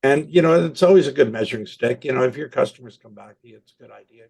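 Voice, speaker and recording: A man in his sixties, a marketing consultant, telling animated stories with quoted dialogue in a podcast interview. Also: mid-range voice, fast talker, breathy edge.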